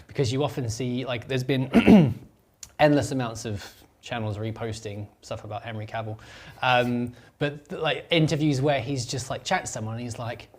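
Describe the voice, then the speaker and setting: A man's voice: medium pitch, moderate pace. A man co-hosting a gaming podcast, speaking thoughtfully and hesitantly in casual discussion. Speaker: podcast co-host.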